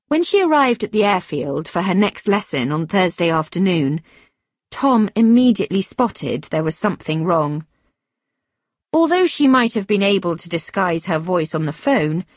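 A woman narrating an audiobook chapter in a measured, even storytelling manner on a close mic. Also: fairly low pitch, husky, dry recording. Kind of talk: scripted narration.

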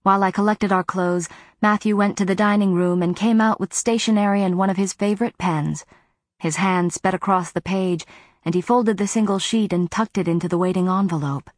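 A woman narrating a first-person novel in a measured, even reading voice, on a close studio mic. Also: mid-range voice, no echo. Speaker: audiobook narrator.

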